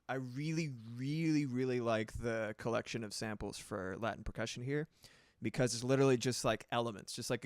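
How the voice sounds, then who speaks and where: A man at mid pitch chatting loosely as he works on music for a stream. He rambles, swears casually and laughs often, and the sound is dry with no room echo. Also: clear, resonant tone. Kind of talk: casual livestream chat while producing.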